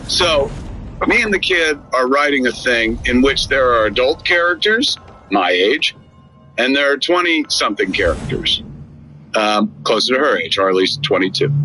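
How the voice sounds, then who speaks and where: Animated man in his fifties, bright voice. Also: medium pitch, slight background noise. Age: 50s. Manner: animated storyteller, acts out dialogue with quick voice shifts. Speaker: podcast co-host. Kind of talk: casual chat.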